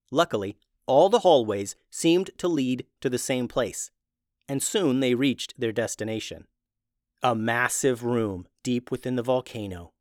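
A man narrating a children's fantasy adventure in a steady, even reading voice. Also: medium pitch, dry recording, studio quality. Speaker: storyteller.

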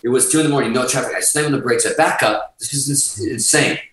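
A man's voice: medium pitch, quick pace, roomy sound, distant mic, poor audio. Profane man telling stories. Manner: profane, rambling, animated. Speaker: musician guest telling stories. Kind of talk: casual storytelling chat.

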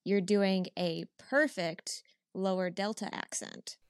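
A woman with a mid-range voice jokes and enthuses in relaxed podcast talk. Her recording is close and dry. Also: medium pitch, no room sound. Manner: quick-witted, punning, enthusiastic. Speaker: podcast co-host. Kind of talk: casual chat.

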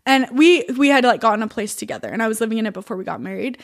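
Young woman, high-pitched, podcast guest, candid and emotional, lots of "like". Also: big pitch swings, very fast. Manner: emotional, chatty, many "like"s and quoted thoughts. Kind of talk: candid personal storytelling.

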